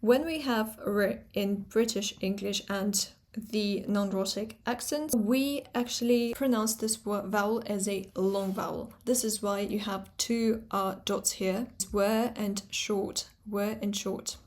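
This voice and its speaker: A young woman teaching phonetics in a casual lesson, talking slowly and deliberately as she demonstrates how words are pronounced. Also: medium pitch, fairly even intonation, a little mellow. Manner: slow, deliberate, demonstrating pronunciations.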